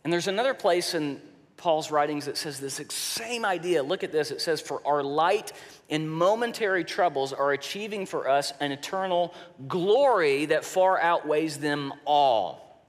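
A male pastor delivers a sermon in an unhurried, measured way, letting his voice sink quiet to drive a point home. His voice sits a little high for a man. The long reverb of a large church sanctuary trails after every phrase. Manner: slow, deliberate preaching that drops soft for emphasis.

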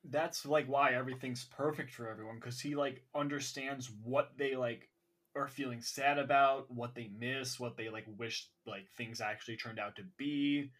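Bright-voiced eager podcast host. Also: male voice, mid-range voice, steady tone, normal speed. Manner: eager, filler-heavy. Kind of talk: casual podcast chat about a video game.

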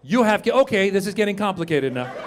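A man from Iran performing an animated stand-up comedy set on a club stage, shouting some punchlines. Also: high-pitched, quick pace. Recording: live club recording with audience.

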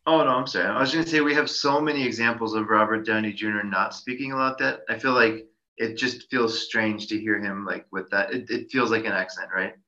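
A man's voice: on the low side, fairly even intonation, a little fast, pushed and bright, dull audio. A man in casual podcast chat, polite and asking questions.

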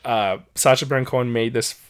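A man co-hosting a casual chat, talking in an animated, rambling way with many restarts. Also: medium pitch, fairly quick, smooth.

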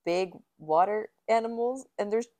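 A young woman co-hosting a podcast in casual chat, reacting quickly and swearing freely. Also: mid-range voice, darkish tone. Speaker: podcast co-host.

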